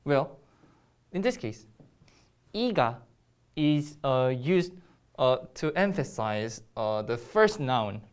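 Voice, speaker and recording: A woman's voice: a bass voice, sing-song, slow, long pauses, a little mellow, clean tone. A woman with a Korean accent teaching a Korean grammar lesson in English, explaining step by step with frequent ums and restarts.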